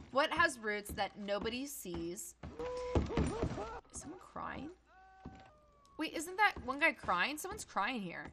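A woman's voice: on the high side, big pitch swings, slow, long pauses, background noise. A woman streaming her first playthrough of a game, reacting with panicky exclamations and self-mocking chatter. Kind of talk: live gameplay reaction.

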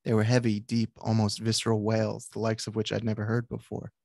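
Gravelly man reading his memoir. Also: on the low side, monotone, a little mellow, no room sound, clean studio sound. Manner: measured, with brief asides to the audience. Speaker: author and psychiatrist. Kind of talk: reading aloud from his book.

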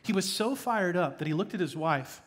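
A man preaching a sermon as pastor, shifting from loud emphatic bursts to hushed asides. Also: sits high, animated, normal speed. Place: church.

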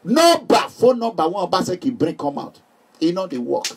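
A man's voice: high voice, moderate pace, creaky, slight background noise. A middle-aged Nigerian man chatting casually and joking with his viewers. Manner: animated, joking, laughs often. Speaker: vlogger. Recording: voice distant from the mic.

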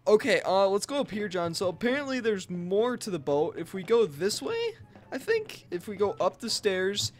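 A man hosting a casual gameplay video, talking excitably in a rambling way and often yelping and laughing into a headset mic. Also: high voice, moderate pace. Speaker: gaming channel host.

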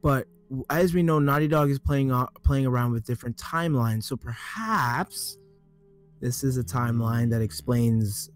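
A man's voice: mid-range voice, moderate pace, faint music behind. A man co-hosting a gaming podcast in casual chat, rambling and analytical, often restarting his sentences. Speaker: podcast co-host.

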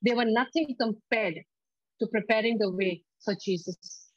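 A woman delivers a sermon in a slightly high voice, dwelling on each scripture line with slow emphasis. She leads the congregation in call-and-response. The sound is dry and a little dull. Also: husky, dry recording. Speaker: preacher.

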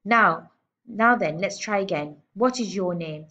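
A woman's voice: mid-range voice, measured pace. A woman reading aloud and voicing a huge, bullying headmistress who barks her words with scorn; dull lo-fi recording. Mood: barking. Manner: barking, loud and scornful.

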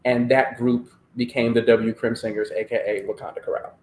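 A male countertenor singer telling his story as an interview guest, animated and emphatic in conversation. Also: medium pitch, a little fast, a little hiss or hum. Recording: roomy echo.

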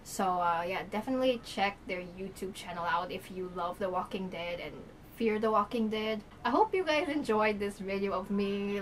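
A young woman vlogging an excited unboxing, gushing and breathless with lots of filler words, recorded at home on a camera mic. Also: mid-range voice, slight background noise, poor audio. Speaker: YouTuber.

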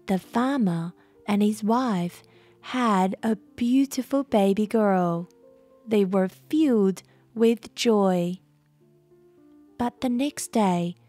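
Woman reading a bedtime fairytale super slowly, soft music behind. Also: mid-range voice, no echo. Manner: very slow, gentle pacing. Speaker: storyteller. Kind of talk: slow bedtime story narration.

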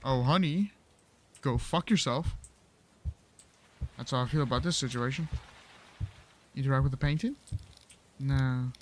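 A man's voice: mid-range voice, measured pace, pauses often, slight background noise. A man giving crude, profane and joking commentary as he plays through a horror game, talking to himself with silly mocking asides. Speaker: gaming channel host.

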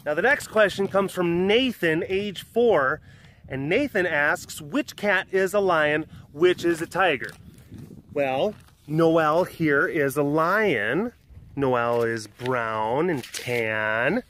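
A man's voice: fairly high pitch, animated, slow pace, a bit bright, slight background noise. Man explaining big cats to preschoolers. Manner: simple, patient, addresses each child by name. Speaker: big cat sanctuary keeper answering children's questions.

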